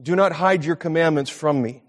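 A man's voice: on the high side, moderate pace, long reverb tail. A middle-aged man preaching a sermon in a church meeting room, mixing casual storytelling with scripture and repeating key points for emphasis. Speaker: pastor.

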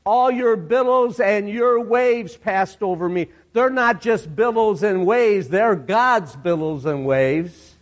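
A male pastor preaching a sermon, reading scripture aloud and repeating key phrases for emphasis. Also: high-pitched. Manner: slow, deliberate reading of scripture with emphatic repetition.

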